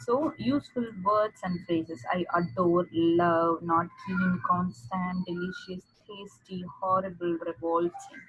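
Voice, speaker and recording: A woman's voice: fairly low pitch, fairly even intonation, unhurried, a bit bright, slight background noise, low-quality recording. A woman teaching an English speaking exam class online, explaining step by step and repeating key phrases for her learners.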